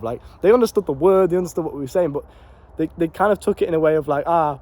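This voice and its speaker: A man's voice: on the high side, fast. A young man, telling a casual motivational story about a gaming inside joke. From Britain. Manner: animated and swearing, slangy and repetitive. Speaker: vlogger and life coach.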